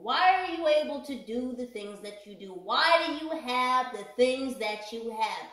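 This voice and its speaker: A woman's voice: a little high, expressive, unhurried, hardly any pauses, fairly bright tone. A woman giving a casual tarot reading in a chatty, joking way, swearing freely and laughing often. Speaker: tarot reader. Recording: echoey room.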